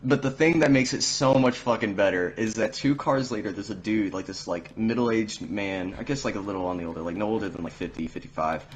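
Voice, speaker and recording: A teenage man with a fairly low voice tells a story in loose, rambling podcast chat. He swears freely and fills his sentences with uhs and likes. A faint hiss sits under the recording. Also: fairly quick, hardly any pauses. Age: teens. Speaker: podcast host.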